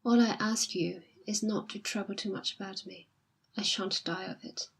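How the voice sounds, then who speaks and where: Jilted young woman, dignified and quiet, breathy husky timbre, as voiced by a woman reader. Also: medium pitch, steady tone, normal speed. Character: jilted young woman, proud and self-sacrificing. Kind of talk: audiobook reading.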